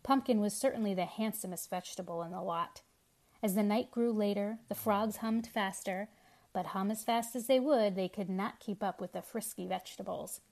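A woman's voice: medium pitch, a bit bright. Woman reading a storybook aloud.

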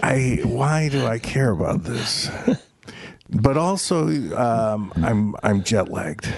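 Rambling self-deprecating man, lively pitch. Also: slow pace, gravelly. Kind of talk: casual chat.

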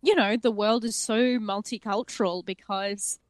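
A woman co-hosting a tabletop game podcast in casual chat, animated and laughing often. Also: mid-range voice, normal speed, dry recording, studio quality. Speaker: podcast co-host and game master.

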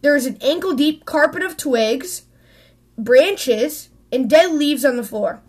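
A woman reading a children's picture book aloud, expressive, with small slips and restarts. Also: high voice, unhurried. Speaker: storybook reader.

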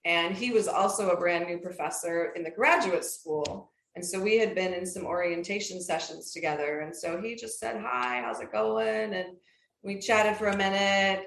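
A woman in her fifties from Minnesota, with a Minnesota accent, telling a personal story as an interview guest in a lively, animated way. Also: lowish voice, slight background noise. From Minnesota, United States. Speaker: guest, professor. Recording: roomy echo.

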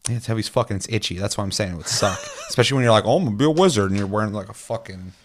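A man's voice: fairly low pitch, steady tone, very fast, slight background noise. A man co-hosting a casual gaming podcast, ranting and swearing often with bursts of laughter. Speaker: podcast co-host.

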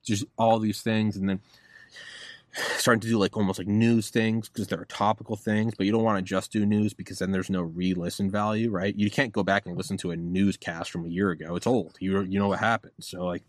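A man in his thirties with a low voice tells long stories as a podcast guest, cursing freely and rambling. He swings from quiet, trailing asides to loud, excited bursts. His close mic sounds dry and intimate. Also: no echo. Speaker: podcast host being interviewed. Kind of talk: casual interview storytelling.

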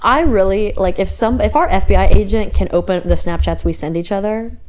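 A young woman co-hosts a casual podcast, teasing her friend and sharing candid stories. She laughs often, and her voice sits at a middle pitch for a woman. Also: a little fast, darkish tone. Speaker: podcast co-host. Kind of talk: casual chat.

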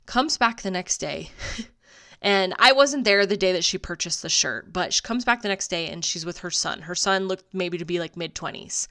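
A woman's voice: on the low side, expressive, moderate pace, sharp tone. A woman hosting a solo podcast, telling stories in a casual, profane, sarcastic way and laughing often. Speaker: podcast host.

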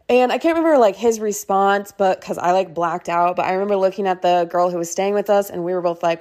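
A woman's voice: medium pitch, quick pace, few pauses, darkish tone. A woman in her thirties hosting a podcast, telling a personal story in a casual, rambling way full of filler words. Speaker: podcast host.

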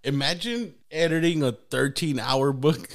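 A man's voice: on the high side, expressive, unhurried. A man hosting a podcast, laid-back and casual, who swears freely as he chats with his guest. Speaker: podcast host.

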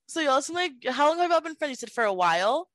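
A woman in her twenties from Texas, chatting casually and telling stories with lots of laughter. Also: high-pitched. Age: 20s. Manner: chatty, laughs often, lively storytelling. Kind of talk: casual video chat.

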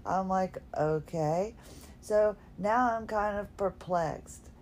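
A woman's voice: medium pitch, slow pace, darkish tone, a little hiss or hum. A woman hosting a podcast, talking casually from her bed at home in a rambling, self-deprecating way, yawning now and then. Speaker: podcast host. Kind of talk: casual solo podcast talk.

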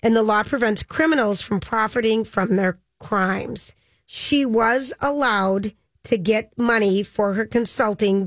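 A woman in casual conversation, walking a listener through a story with many ums and offhand "blah, blah" asides. Her voice sits at a middling pitch. The sound is dry and close, with no room echo. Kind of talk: casual chat, retelling a news story.

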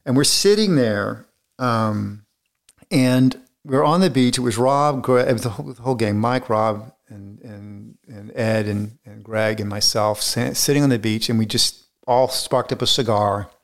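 A man's voice: mid-range voice, a little slow, gravelly. A middle-aged man, a film director being interviewed, telling long, rambling stories in a casual way with many restarts.

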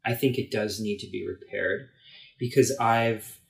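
A man's voice: lowish voice, a little slow, vocal fry. Earnest man in an echoey room. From United States. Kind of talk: casual conversation.

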